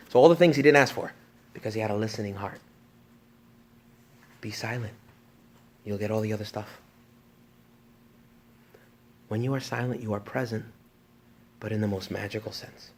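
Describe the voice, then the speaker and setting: A man, a priest, giving a retreat talk to young adults, joking and animated one moment and hushed the next. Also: fairly low pitch, fairly quick, long pauses.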